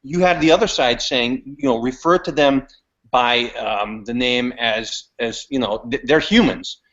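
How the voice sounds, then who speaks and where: A hesitant male co-host who stumbles a little as he passes along viewer comments. His voice is mid-pitched and sounds dull and lo-fi. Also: fairly bright tone. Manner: hesitant, halting. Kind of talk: casual chat. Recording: dull lo-fi call audio.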